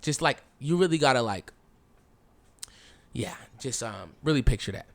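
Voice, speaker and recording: A man's voice: medium pitch, moderate pace. A young man hosting a podcast, telling a personal story in casual, slangy speech with lots of swearing and acted-out dialogue. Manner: animated, swearing, slangy, acts out past dialogue. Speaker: podcast host.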